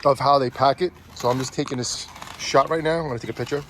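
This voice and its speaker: Chatty dad narrating an unboxing. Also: male voice, medium pitch, quick pace, slight background noise. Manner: chatty, teasing, excitable. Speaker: vlogger and father unboxing a Halloween prop. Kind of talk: casual chat.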